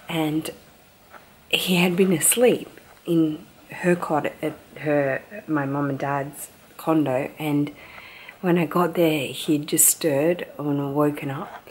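Chatty low-voiced Australian woman vlogging. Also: a little hiss or hum. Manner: chatty and rambling, hushed at times. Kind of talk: casual vlog chat. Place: at home.

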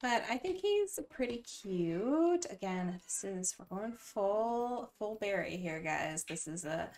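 A woman's voice: mid-range voice, animated, slow, a little mellow. Chatty woman narrating a game. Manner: chatty, bubbly, self-correcting. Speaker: gaming channel host. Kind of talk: casual game commentary. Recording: voice distant from the mic, faint music.

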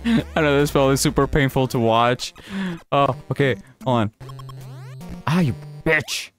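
Commentating his gameplay live, a gaming channel host swears, laughs at himself, gets frustrated often, and sometimes pleads with the game. His fairly high, fairly bright voice moves a little slowly over faint music.

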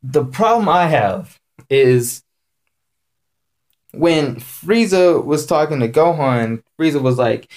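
A man giving a casual rant-style video review, excitable and rambling, repeating himself and jumping up in pitch when worked up. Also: takes it slowly, long pauses. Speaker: anime reviewer.

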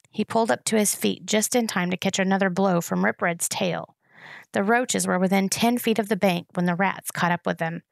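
A woman reading a novel chapter aloud in steady, even storytelling. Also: medium pitch, vocal fry, no room sound, clean studio sound. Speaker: reader.

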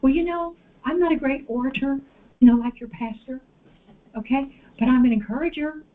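A woman preacher delivering an animated sermon and calling out to the congregation in a church. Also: sits high, moderate pace. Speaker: guest preacher. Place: church sanctuary. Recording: tinny phone-like audio.

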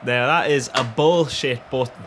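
A man's voice: medium pitch, measured pace, over music. A young man, commentating on a football video game with frequent laughter, swearing and rambling asides. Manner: swears a lot, laughs often, rambling and excitable. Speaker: gaming YouTuber. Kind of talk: gameplay commentary.

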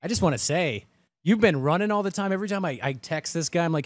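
Fast-talking male guest cohost. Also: fairly high pitch, sing-song, dry recording. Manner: fast-talking storyteller, joking. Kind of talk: casual chat.

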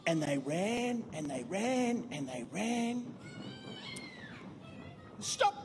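A woman telling a lively children's story at church, asking the children questions and getting them to join in. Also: mid-range voice, slightly rough. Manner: animated, playful, asks the children questions. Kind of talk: children's story with audience prompts. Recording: long church hall reverb.

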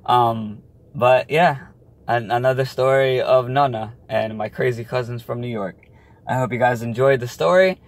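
A man who is a vlogger, telling a story in a casual, animated way and laughing as he goes. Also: medium pitch, normal speed.

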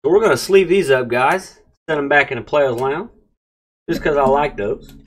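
A man hosting a casual card pack-opening vlog, excitable and gushing as he talks straight to his viewers. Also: a little high, moderate pace. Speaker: card-opening channel host.

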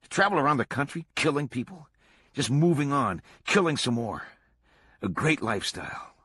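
A man voicing an excitable male murderer who boasts eagerly of killing, in a raised voice. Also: mid-range voice, moderate pace, no echo, studio quality, voice pushed up. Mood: excited.

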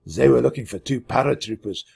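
A man doing a raspy, gruff French farmer. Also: mid-range voice, brisk, darkish tone, full character voice. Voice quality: raspy, growly. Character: gruff bearded French farmer, wary but kind.

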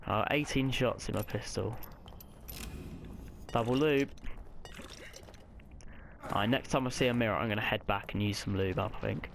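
A man giving casual, chatty let's-play commentary, swearing often and reacting loudly to the game. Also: on the low side, normal speed, creaky, pauses often. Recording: noticeable background noise.

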